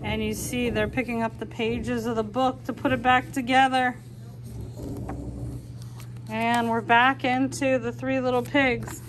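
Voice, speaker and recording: A woman reads a picture book aloud, pointing out what is happening in each picture. Her voice sits a little high, and faint ambient noise hums underneath. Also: measured pace. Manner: describes pictures, puts on lively character voices.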